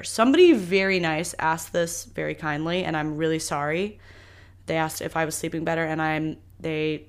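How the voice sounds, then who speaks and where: A young woman hosting a solo podcast, talking candidly and animatedly, her voice swinging between loud bursts and soft asides. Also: low-pitched. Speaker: podcast host.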